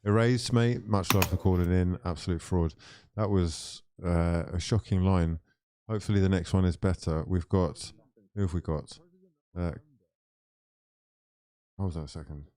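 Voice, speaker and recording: A man's voice: deep voice, warm tone, clear, resonant tone. A man hosting a football call-in stream, teasing his callers and calling them frauds in casual banter. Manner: teasing, calls callers frauds, quick offhand remarks.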